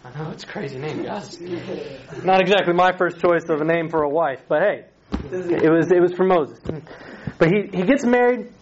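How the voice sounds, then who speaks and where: A youth pastor with a high-sitting voice retells a Bible story at a moderate pace, keeping the sermon chatty and playful and putting questions to his listeners. Crowd noise is present, and the recording is slightly dull with a faint hiss.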